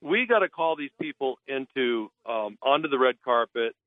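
A man's voice: medium pitch, lively intonation, normal speed, no room sound. A man calling in as a guest on a radio talk show, blunt and indignant, talking over a phone line. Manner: indignant, blunt, mocks officials in put-on voices. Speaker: naturalist guest.

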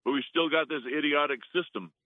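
A male radio caller with a rambling, hesitant manner and a middle-pitched voice. He comes through a thin, phone-like line that sounds dry. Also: a little fast, no room sound. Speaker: regular caller. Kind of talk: casual call-in talk.

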